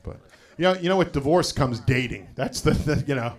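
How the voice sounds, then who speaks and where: Middle-aged male comic, slightly high voice. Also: expressive, fairly quick. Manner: conversational storytelling with frequent "you know" asides. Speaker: stand-up comedian. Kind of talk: live stand-up set.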